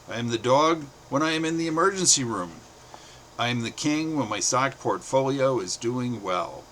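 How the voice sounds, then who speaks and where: A middle-aged man from the United States reading his own short stories aloud, in a plain, steady way with brief pauses. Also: medium pitch, a little hiss or hum.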